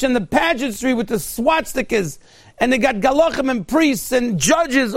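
A man's voice: very high voice, animated, normal speed, no echo. A man giving a sermon as a rabbi, telling stories in a fervent way and sprinkling in Yiddish and Hebrew words.

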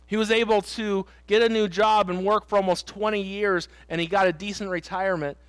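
Middle-aged male pastor, very high voice, dry close sound, earnest emphatic sermon delivery. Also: fairly even intonation, fairly quick, smooth, no echo. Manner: earnest, emphatic preaching with stories and repeated refrains. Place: church sanctuary.

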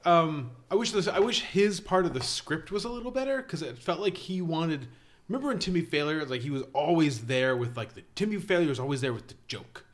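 A man with a slightly raised voice co-hosting a relaxed movie podcast. He talks with eager enthusiasm and drops casual swearing. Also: on the high side, a little fast. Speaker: podcast co-host. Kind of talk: casual film review chat.

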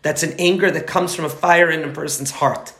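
A man's voice: a little high, fairly even intonation, brisk, sharp tone, reverberant. A man leading a study class in a chatty, rambling lecture full of asides. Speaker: teacher leading a parenting study circle.

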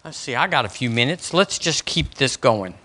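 A man's voice: medium pitch, moderate pace. A man preaching a sermon as a pastor, throwing questions to the congregation. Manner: animated preaching, quizzes the congregation. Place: church service.

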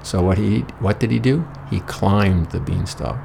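A man's voice: on the low side, a little slow, vocal fry, warm tone, a little hiss or hum. A man narrating a crude, profane comic fairy tale with a rambling delivery. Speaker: storyteller.

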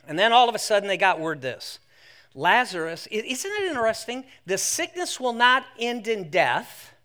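A man preaching a sermon in a bright, ringing voice that sits high for a man. He tells the story in an animated way and jumps into playful voices for the people in it. He also jokes with the congregation as he goes. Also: a little fast. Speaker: pastor. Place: church service held in an athletic center.

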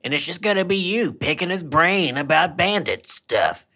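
Bright, lively man joking around. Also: on the high side, moderate pace. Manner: playful, goofy, lively banter. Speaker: podcast co-host. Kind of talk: casual comedic chat.

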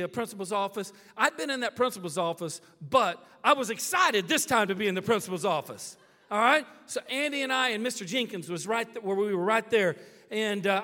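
A man preaching a sermon, telling a story with animated drama and checking in with the crowd with "all right?" and "okay?". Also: high voice. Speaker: pastor. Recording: long reverb of a big hall.

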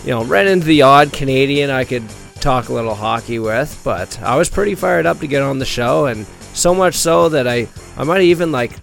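A man's voice: mid-range voice, lively intonation, fairly quick, gravelly, hardly any pauses, a bit bright, faint music behind. A man co-hosting a casual hockey podcast, laid-back and jokey, laughing often. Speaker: podcast co-host.

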